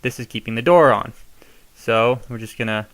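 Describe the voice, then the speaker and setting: A man's voice: medium pitch, moderate pace, fairly bright tone. A young man casually showing how to modify a toy, chatty and given to rambling asides. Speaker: toy reviewer. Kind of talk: casual hands-on tutorial.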